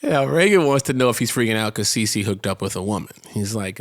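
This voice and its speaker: Man, podcast co-host, casual recap chat, frequent laughter, animated character voices. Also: a little fast, few pauses. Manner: laughs often, acts out characters with big pitch jumps.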